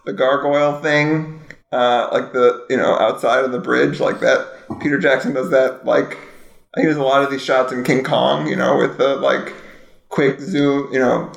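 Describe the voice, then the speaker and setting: A man's voice: mid-range voice, fairly even intonation, normal speed, vocal fry, roomy sound, low-quality recording. A man co-hosting a casual podcast, rambling with many fillers. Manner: rambling, full of fillers and restarts. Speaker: podcast co-host. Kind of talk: casual chat.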